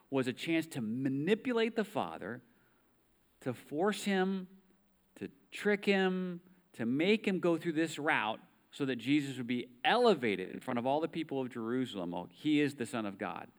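A man's voice: a little high, very animated, normal speed. A man with an American accent preaching a sermon in a conversational way, reading scripture aloud and asking the listeners rhetorical questions. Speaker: pastor.

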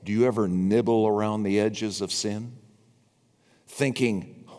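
A man's voice: lowish voice, fairly even intonation, measured pace, long pauses, a little mellow. An older man preaching a sermon as pastor, with wry asides to his congregation. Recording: long reverb from a large hall.

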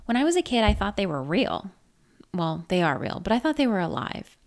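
A woman narrating a first-person story in a measured, reflective way. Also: mid-range voice, sing-song, vocal fry.

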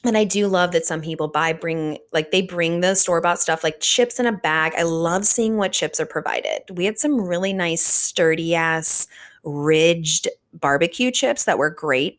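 A woman in her twenties from the Richmond, Virginia area, hosting a podcast in casual solo chat, animated and swearing freely. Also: on the low side, measured pace. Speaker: podcast host.

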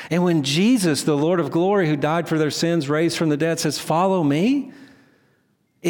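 A middle-aged man preaching a sermon as pastor, conversational and self-deprecating, often restarting his sentences. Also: on the high side. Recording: long hall reverb.

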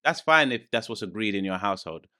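Male co-host, lower pitch, forceful bright tone, opinionated. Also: lively intonation, quick pace. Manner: firm, opinionated, frequent "mm" backchannels. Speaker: podcast co-host. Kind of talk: casual chat, opinion discussion.

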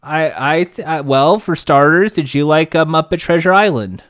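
A man's voice: on the high side, moderate pace, a bit bright, no room sound, studio quality. A man on a comedy podcast in casual, teasing banter with hesitant starts. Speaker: podcast co-host.

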